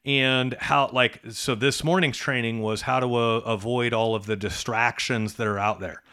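A man's voice: medium pitch, steady tone, moderate pace, bright, forceful tone, clear, resonant tone. Middle-aged male co-host, casual and emphatic, ordinary mid-range voice. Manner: conversational, emphatic, rhetorical "right?" tags. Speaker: podcast co-host, trades business coach. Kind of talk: casual podcast chat.

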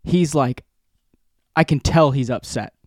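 A man in his forties telling a long rambling story in casual chat, animated and profane, as a podcast co-host. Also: medium pitch, measured pace, dry recording, studio quality.

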